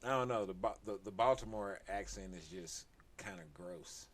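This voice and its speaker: A man co-hosting a casual sports talk stream, laid-back and quick to mimic people. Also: fairly low pitch. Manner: laid-back, slips into goofy impressions. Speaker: podcast co-host.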